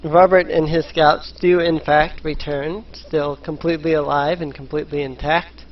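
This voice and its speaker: A man narrating a tabletop role-playing game as dungeon master, in an unhurried storytelling manner. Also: fairly high pitch, level tone, slight background noise. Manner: unhurried storytelling, voicing characters in quotes. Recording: dull lo-fi voice chat.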